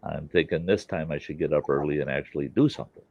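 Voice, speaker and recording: A man's voice: rumbling low, fast, creaky. A man hosting a show, telling a joke casually in a folksy, rambling way, in a dull lo-fi recording. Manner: folksy, rambling, laughs at his own jokes. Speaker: host.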